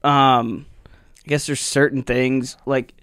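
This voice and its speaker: A man's voice: mid-range voice, flat delivery, slow pace, a bit bright, smooth, no room sound, studio quality. A young man chatting casually as a podcast co-host, rambling and swearing, restarting his sentences. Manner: rambling, profane, restarts often. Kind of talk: casual chat.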